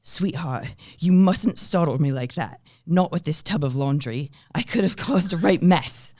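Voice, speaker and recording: A genteel British lady of the manor in her thirties, kindly and prim, as a man puts her on. Her put-on British accent floats up high and lingers over the words. The sound is close and dry. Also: animated, unhurried, a little mellow, dry recording. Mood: gentle.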